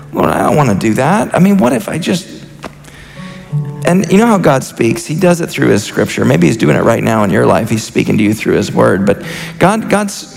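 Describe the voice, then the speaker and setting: Preaching as senior pastor in a church sanctuary, a man in his thirties sounds earnest and impassioned, frequently restarting his sentences. His voice is medium-pitched, creaky and somewhat dark. The recording captures a reverberant church hall with faint music behind him.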